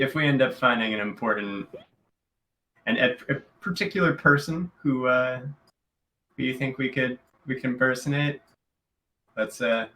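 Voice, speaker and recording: A man at the gaming table works his ideas out aloud, circling toward a plan. His voice is bright and forward at a middle pitch, with a faint hiss beneath. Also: rough recording. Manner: thinks aloud, talking himself to a point. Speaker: tabletop game player. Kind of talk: casual chat over a game.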